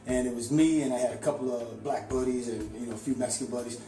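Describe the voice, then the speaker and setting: A man from St. Louis telling a long, rambling story in a casual, animated way, with lots of "you know.". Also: mid-range voice, fast talker, echoey room, faint music behind. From St. Louis, USA.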